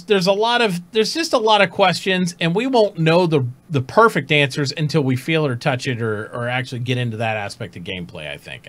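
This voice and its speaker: Animated man chatting casually about games. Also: a little high. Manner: animated, swears casually, acts out game radio calls. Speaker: podcast host. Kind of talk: casual gaming chat.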